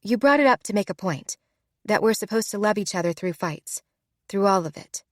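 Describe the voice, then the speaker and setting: A woman voicing an expressive young woman in a romance audiobook, close and dry. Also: medium pitch, normal speed, dry recording, close to an everyday voice. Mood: earnest. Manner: animated, shrieks when startled. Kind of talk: audiobook character voice.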